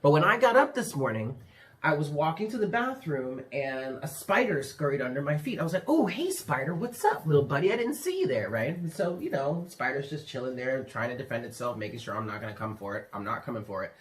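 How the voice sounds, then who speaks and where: A man, a tarot reader, casually telling his viewers a story from his room, animated and swearing freely while addressing them as "y'all". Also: medium pitch, a little fast. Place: his room with the door closed.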